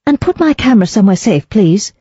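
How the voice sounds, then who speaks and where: Spirited young gentlewoman, crisp delivery, dull dry audio, narrator reading. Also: medium pitch, sing-song, dry recording, voice pushed up. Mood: brisk. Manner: brisk, crisp, a little tart. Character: spirited young aristocratic woman writer.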